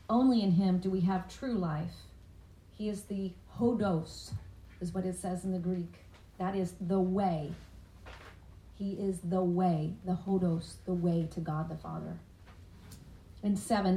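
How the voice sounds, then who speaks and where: A woman's voice: medium pitch, a little slow, a little mellow. A woman teaching a Bible study, earnest and conversational, often asking the listeners questions. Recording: echoey room, faint background noise.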